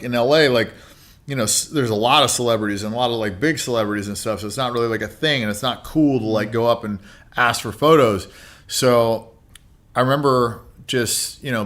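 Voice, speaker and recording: Man, 30s, podcast guest: bright, forceful voice, loose profane storytelling full of filler words. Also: mid-range voice. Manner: rambling, profane, lots of "like" and "you know". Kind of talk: casual storytelling.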